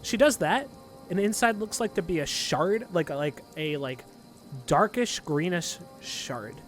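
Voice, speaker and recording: A man's voice: sits high, expressive, unhurried, faint music behind. A man narrating as dungeon master of a tabletop game, rambling with many fillers.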